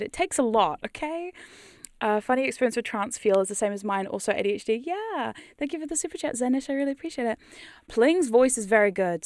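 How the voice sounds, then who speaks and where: A woman's voice: fairly high pitch, dry recording, clean studio sound. A woman chatting casually on a livestream as a hypnosis creator, rambling playfully, laughing often and swearing freely. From New Zealand. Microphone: studio condenser mic.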